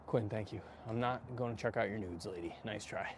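Excitable man at a noisy driving range. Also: lowish voice, a little fast. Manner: excitable, swears, self-mocking, loud outbursts. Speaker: golf vlogger. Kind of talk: casual range-session chat to viewers.

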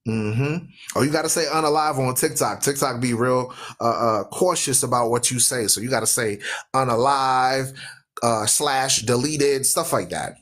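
A man hosting a radio talk show who preaches loudly and emphatically, asking listeners "right?" and driving points home with rhythmic repetition. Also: medium pitch, normal speed, hardly any pauses. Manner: asks listeners questions with "right?".

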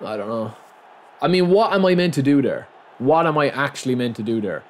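A young man giving running commentary over his own football video game, muttering to himself and breaking into loud outbursts of frustration. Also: mid-range voice, sing-song, brisk. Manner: frustrated, muttering self-talk that bursts into loud outcries at the game. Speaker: gaming channel host.

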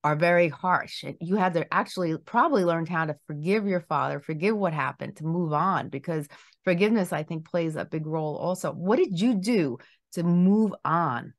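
A woman's voice: lowish voice, normal speed, no room sound. A woman hosting an interview, asking questions and giving short supportive replies. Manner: supportive, gives short affirmations. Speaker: interview host.

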